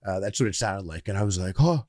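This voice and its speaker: Rambling, animated male podcast storyteller. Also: low voice, fast, dry recording, studio quality. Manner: acts out sounds and quoted voices while telling stories. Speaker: podcast co-host. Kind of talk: casual podcast chat.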